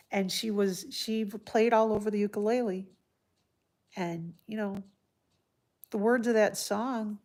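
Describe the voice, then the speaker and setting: A woman hosting a casual livestream from home, chatting softly and heartfelt while answering viewers by name. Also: medium pitch, unhurried. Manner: soft-spoken and heartfelt. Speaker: livestream host. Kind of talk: casual live-stream chat.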